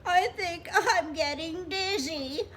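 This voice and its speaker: A woman's voice: extremely high pitch, sing-song, takes it slowly, a bit bright, a little hiss or hum, voice pushed up, full character voice. A woman voicing a hurt little blue boy bird who keeps crying, with a whiny, tearful voice. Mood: weepy.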